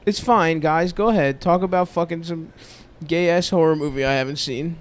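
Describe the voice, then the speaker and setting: A man's voice: a little high, normal speed. Crude, needling podcast co-host, man. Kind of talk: casual podcast banter.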